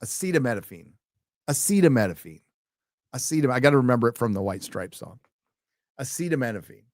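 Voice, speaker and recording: Man from the united states, casual live-stream host, wry donation reader, dry close mic, mid-pitched voice. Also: expressive, fast talker, no room sound. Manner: reads donor messages aloud, wry and joking. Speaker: livestream host reading donations.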